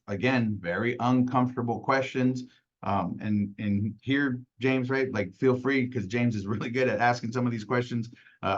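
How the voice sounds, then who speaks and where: A man's voice: medium pitch, lo-fi sound. A man leading a casual sales training call, talking conversationally and acting out clients, with many "right?" tags.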